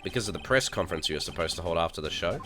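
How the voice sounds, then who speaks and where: Streamer doing a skeptical young defense lawyer, low dry voice, soft game music under it. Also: male voice, expressive, racing. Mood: wry. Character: young male defense lawyer, wry and doubtful.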